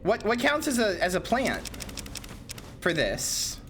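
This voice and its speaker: A young woman streamer giving joking, animated gameplay commentary and bantering with her chat. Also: medium pitch, takes it slowly, a little hiss or hum.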